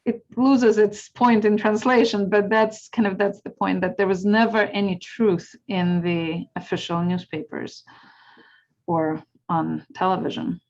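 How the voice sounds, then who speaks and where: A woman with a Ukrainian accent speaks earnestly as a guest historian, explaining her subject at a mid-range pitch. Her voice comes through a video call with dull, lo-fi sound. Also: steady tone, unhurried, darkish tone, a little hiss or hum. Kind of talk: lecture-style talk on a video call.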